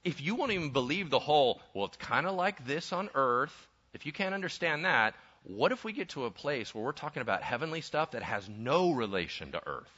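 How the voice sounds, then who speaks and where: A man preaching a lively sermon, conversational and full of rhetorical questions. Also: on the high side, brisk, few pauses, slightly rough. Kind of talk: animated sermon with acted-out voices. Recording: dull lo-fi sound.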